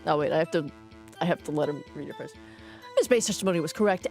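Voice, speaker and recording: A woman's voice: low voice, fast, a little mellow, soft background music. A woman streaming a game in casual commentary, playful and cursing, reading the game's text aloud as she goes.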